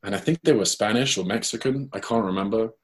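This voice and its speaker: A man with a British accent, a guest telling a lively anecdote in casual chat and acting out the quoted lines. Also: fairly low pitch, quick pace, slightly rough. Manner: lively anecdote, acts out his own and others' quoted lines. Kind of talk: casual storytelling.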